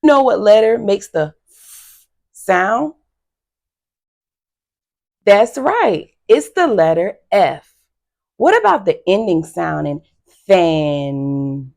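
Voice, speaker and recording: A woman teacher giving a phonics lesson to young children, slow and encouraging with frequent praise. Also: mid-range voice, sing-song, creaky, a little mellow.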